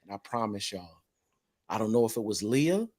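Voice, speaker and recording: A man from North Carolina telling a personal story in a casual group chat, animated and repeating words for emphasis. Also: lowish voice, moderate pace. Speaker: panelist.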